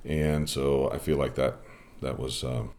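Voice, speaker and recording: A man with an extremely low, deep voice talks casually on a podcast, drifting through a long story with plenty of ums and restarts. He sounds like an umpire swapping stories with a friend. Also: level tone, unhurried, darkish tone. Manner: rambling storytelling with many fillers. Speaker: podcast host and softball umpire.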